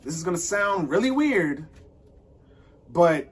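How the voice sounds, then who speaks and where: A man with a slightly husky, somewhat high voice tells a personal faith story in a relaxed, conversational way. He performs his own thoughts and other people's lines as he goes, which keeps the telling animated. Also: takes it slowly. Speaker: guest. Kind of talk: casual testimony storytelling.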